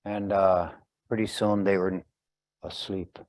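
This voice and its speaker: A man telling a traditional story slowly, pausing often and explaining as he goes. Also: low-pitched, flat delivery, a little mellow.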